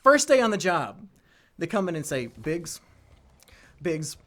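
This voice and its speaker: A man with a high, bright voice chats casually with a friend during a video game. He tells stories with big swings of pitch, breaking into shouted impressions and laughter. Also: fairly quick. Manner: animated storyteller, bursts into shouted impressions and laughter. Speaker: let's play co-host. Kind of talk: casual chat while playing a game.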